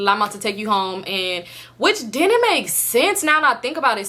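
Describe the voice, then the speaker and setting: A young woman telling a casual storytime, animated and acting out what people said. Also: on the high side. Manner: animated, acts out quoted dialogue in her own voice. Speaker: storytime vlogger.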